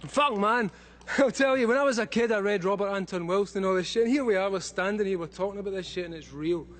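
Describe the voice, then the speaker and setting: Brief: drunk Scottish man in his thirties, high and loud, swearing through a live speech over a faint hum. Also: fast talker. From Scotland. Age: 30s. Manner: loud, swearing, laughing between lines. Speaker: convention speaker. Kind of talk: profane live talk to an audience.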